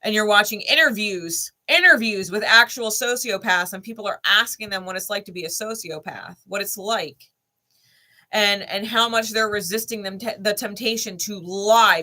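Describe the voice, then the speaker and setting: A woman's voice: mid-range voice, normal speed, bright, forceful tone. A woman in her thirties telling a personal story candidly, blunt and emphatic with heavy swearing. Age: 30s. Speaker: spiritual channel host.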